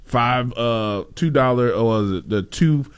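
A man's voice: measured pace, clear, resonant tone. A man chatting casually on a podcast, telling a funny story with lots of laughter and self-interruptions. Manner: laughing storyteller, jumps into high put-on voices. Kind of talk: casual chat.

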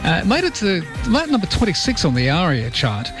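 A man's voice: sits high, wildly swooping pitch, fairly quick, over music. Chatty Australian male radio host. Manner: chatty, self-deprecating, reads listener texts. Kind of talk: early-morning radio chat and news read.

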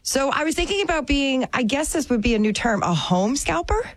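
A woman, co-hosting a casual chat, playful and quick to laugh. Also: high voice, expressive, no room sound, clean studio sound. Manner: playful, laughs often, puts on mock accents. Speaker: co-host. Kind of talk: casual banter.

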